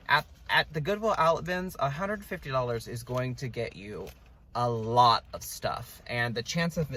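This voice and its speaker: A man's voice: medium pitch, bright, forceful tone. A middle-aged man, a reseller chatting casually to camera in a rambling vlog style with plenty of ums and asides. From Oklahoma, USA. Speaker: estate liquidator and reseller.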